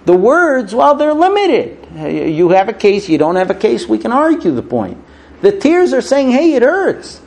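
Gravelly man telling a sermon story. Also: high voice, big pitch swings, darkish tone. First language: not English. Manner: halting restarts, storytelling, acts out quoted voices. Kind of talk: informal sermon with stories.

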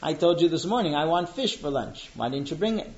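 A man's voice: a little high, sing-song, fairly quick, creaky. A man voicing a stern Roman city governor with a suspicious, commanding manner. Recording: dull lo-fi recording.

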